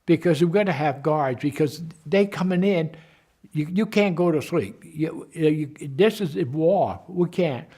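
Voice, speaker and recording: A very old man in his nineties tells his wartime memories to the camera. His voice sits a little high for a man, and he stumbles along, repeating and restarting words as he goes. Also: unhurried, warm tone. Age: 90s. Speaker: war veteran. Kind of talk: personal war memory told to camera.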